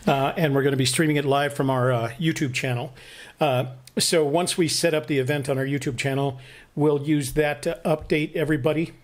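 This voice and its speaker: A man's voice: a little high, steady tone, fairly quick. A man co-hosting a vlog in casual chat, explaining details with a teasing edge. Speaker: vlog co-host.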